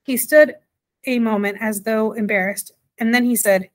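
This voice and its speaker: A woman narrating a children's storybook in a gentle, measured way. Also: a little high, steady tone. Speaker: audiobook reader.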